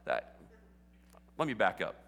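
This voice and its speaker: A man's voice: measured pace, a bit bright. A man preaching a sermon as pastor, chatty at first and rising to fervent exhortation. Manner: conversational, building to fervent exhortation. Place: church sanctuary. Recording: long reverb of a large hall.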